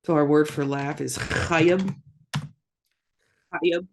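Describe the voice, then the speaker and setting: A teacher drills pronunciation at an extremely slow, deliberate pace, saying each phrase twice. The pitch sits in the middle range. Between phrases the teacher often clears their throat and slips in casual, self-deprecating remarks. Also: a little hiss or hum. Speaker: language teacher.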